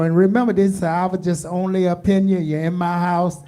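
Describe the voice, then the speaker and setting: A folksy woman hosting a community call-in radio show. Her voice is dark and mellow, and she talks in a loose, chatty, drawn-out way. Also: lowish voice, level tone. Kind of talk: casual call-in radio chat.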